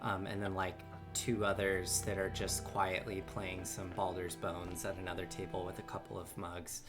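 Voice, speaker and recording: A woman narrating a tabletop game as game master, halting with many fillers and restarts. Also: extremely low pitch, flat delivery. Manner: halting, full of ums and restarts. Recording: music bed behind.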